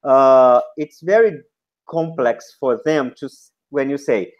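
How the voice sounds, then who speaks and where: A man giving feedback to a trainee teacher, modeling classroom instructions in short, deliberate chunks. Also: medium pitch, highs cut off.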